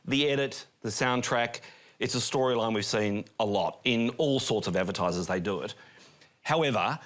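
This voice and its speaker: A man's voice: mid-range voice, normal speed, fairly bright tone. An older man speaking as a panelist, rambling earnestly through a list of points. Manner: rambling, earnest, listing things. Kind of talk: opinionated panel discussion. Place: TV studio.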